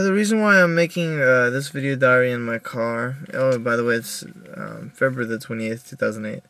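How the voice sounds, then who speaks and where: Young guy ranting into a video diary in his car, kinda gravelly, keeps tripping over his words. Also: medium pitch, a bit bright. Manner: halting, many restarts and fillers, upset. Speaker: video diarist. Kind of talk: personal video diary, venting.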